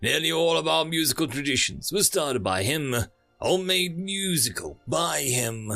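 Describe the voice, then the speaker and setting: A man's voice: a little high, animated, a little slow, gravelly, sharp tone, faint music behind, voice pushed up, exaggerated voice. A man voicing a rowdy male marine squadmate in a boisterous manner, in an audiobook reading.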